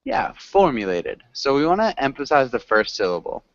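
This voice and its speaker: A man's voice: medium pitch, big pitch swings, moderate pace, no room sound, lo-fi sound. A man teaching an online English class, patiently coaching students on words and pronunciation.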